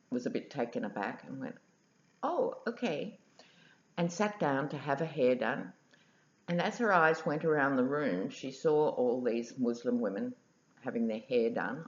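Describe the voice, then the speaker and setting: A woman's voice: sits low, reverberant. A woman, a tarot reader, chatting wryly in a casual vlog. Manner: wry and chatty. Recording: dull lo-fi audio.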